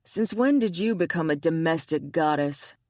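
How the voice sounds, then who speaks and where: A woman's voice: sits low, animated, moderate pace, darkish tone, dry recording, studio quality. A woman voicing an easygoing male bear shifter in an audiobook, sheepish and defensive.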